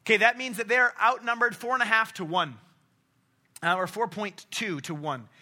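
This preacher has a high voice, bright and a little strained, and talks at an ordinary pace. His sermon is casual and story-driven, with characters acted out in quotes and many false starts.

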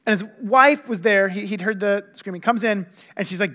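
A young man gives a sermon in a high, light voice, telling stories and acting out every line of dialogue. His delivery is animated and conversational, swinging between loud bursts and quiet, soft moments. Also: moderate pace, few pauses. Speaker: preacher. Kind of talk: sermon with storytelling.

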